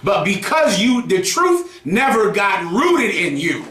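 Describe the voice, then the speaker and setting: A man's voice: high-pitched, big pitch swings, takes it slowly, a bit bright, reverberant. A man preaching to a group in a heated, mocking way, swearing freely. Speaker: group teacher. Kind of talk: street preaching.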